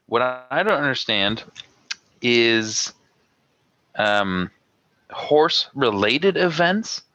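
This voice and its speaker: A man's voice: medium pitch, animated, slow pace, bright, forceful tone, no room sound, dull audio. A man co-hosting a casual podcast over a video call, laid-back and teasing. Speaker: podcast co-host. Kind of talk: casual chat. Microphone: home mic on a video call.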